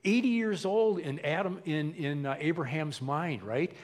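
Man preaching, folksy and repetitive, slightly high voice, echoey hall sound. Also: measured pace. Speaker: pastor. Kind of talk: sermon.

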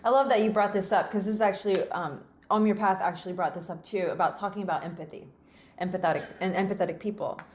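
A woman's voice: medium pitch, fast, a little mellow, a little hiss or hum. A woman hosting a casual conversation, telling stories expressively and laughing often. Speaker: podcast host.

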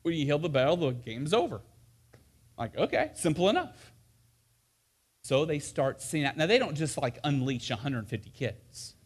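A man's voice: fairly high pitch, very animated, normal speed, breathy edge. A man preaching a sermon, telling a camp story with acted-out voices and many fillers and restarts.

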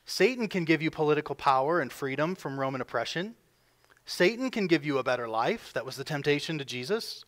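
A male pastor delivers a sermon with a voice sitting a bit above the usual for men. He leans hard into his points, then falls back to a hushed tone before rising again. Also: fairly high pitch, expressive, brisk. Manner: emphatic preaching, voices quoted figures with rising force.

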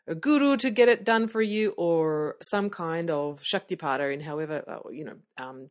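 A middle-aged woman hosting a podcast from her bedroom, chatting casually with lots of fillers and restarts. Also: sits low. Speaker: podcast host. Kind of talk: casual solo podcast talk. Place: bedroom, seated on bed.

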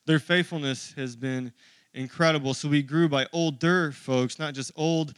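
A man's voice: on the high side, steady tone, normal speed, fairly bright tone, clear, resonant tone, dry recording. A man in his thirties preaching a sermon to his church, conversational and joking with the congregation. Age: 30s. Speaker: pastor.

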